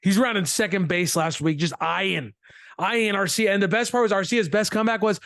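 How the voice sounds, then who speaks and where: A young man co-hosting a sports podcast, talking excitedly and teasing his friend in casual chat. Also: high voice, normal speed, no echo, clean studio sound. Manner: excitable, ribbing, jumps between points. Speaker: podcast co-host.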